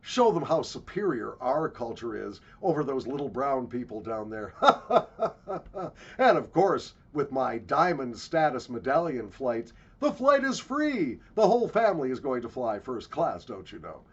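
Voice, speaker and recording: A man's voice: mid-range voice, sing-song, a little slow, breathy edge, lo-fi sound, heavily acted. A man mocking a smug rich corporate parent. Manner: mocking, snooty and self-satisfied.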